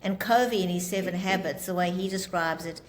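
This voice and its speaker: A woman's voice: lowish voice, a little fast. A woman teaching a class on communication, explaining with acted-out example dialogues. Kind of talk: lecture with group discussion.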